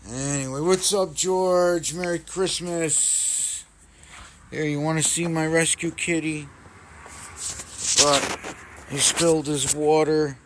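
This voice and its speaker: A man casually rambling in a home vlog, cooing softly at his cats. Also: a little high, steady tone, slow, long pauses, slight background noise. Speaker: vlogger. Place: home indoors.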